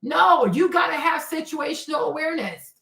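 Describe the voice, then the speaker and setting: A woman hosting a casual livestream, telling stories in an animated, slangy way and acting out the exclamations. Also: high voice, normal speed, gravelly, echoey room, recorded from a distance. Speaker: livestream host. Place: home, in D.C.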